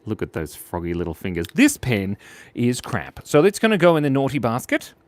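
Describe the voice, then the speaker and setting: This Australian host draws live for kids, bantering playfully with viewers. His mid-range voice swings hugely in pitch and runs a little fast, with no room sound on the recording.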